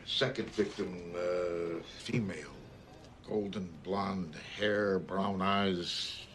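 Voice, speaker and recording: A man playing a police captain in a family film, briefing his officers in a brisk, matter-of-fact way. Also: low voice, steady tone, fairly bright tone, slight background noise. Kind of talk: film dialogue.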